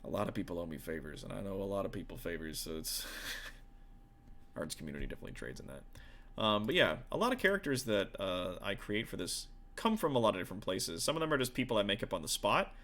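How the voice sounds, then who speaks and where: A man's voice: sits low, very animated, quick pace, a bit bright. A man, a tabletop game master and streamer, chatting casually with viewers in a rambling, profane way full of fillers.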